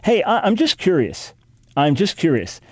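A man's voice: sits high, sing-song, moderate pace, darkish tone, no echo. A man hosting a talk radio show, teaching in an emphatic, preacherly way and repeating key phrases for weight.

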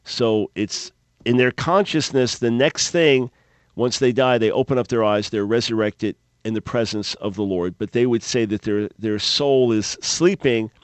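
A man hosting a call-in radio show, answering Bible questions in a measured, explanatory way. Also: mid-range voice, no room sound. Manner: measured, explanatory, thoughtful pauses. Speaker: radio talk show host.

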